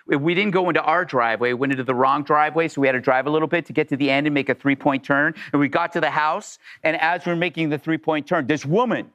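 A man's voice: fairly high pitch, fast talker, hardly any pauses, fairly bright tone, highs cut off. A man hosting a chatty show, reading listener mail and telling a story with lots of animation. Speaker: show host. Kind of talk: casual chat and anecdote.

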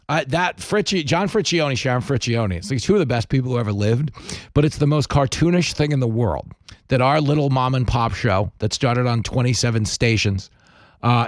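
A man's voice: mid-range voice, no echo, clean studio sound. Joking man hosting a radio talk show. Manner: joking, self-mocking, quick asides. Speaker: radio host. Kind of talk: casual chat and storytelling.

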